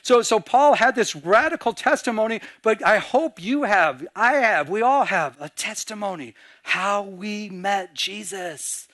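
A male pastor preaching a sermon, animated, acting out scenes in quieter voices. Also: high-pitched, a little slow, hardly any pauses, dry recording. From Michigan.

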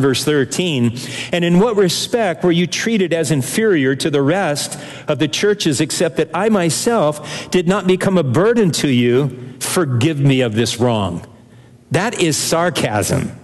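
Older male preacher in a reverberant hall. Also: a little high. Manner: earnest, emphatic preaching with repetitions. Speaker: pastor. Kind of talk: sermon.

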